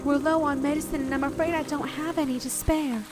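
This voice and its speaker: A woman voicing a brisk, polite nurse, reading her game dialogue aloud in a matter-of-fact way. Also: high voice, fairly even intonation, voice pushed up, close to an everyday voice. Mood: businesslike. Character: brisk, apologetic young woman nurse in a plague town. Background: game music.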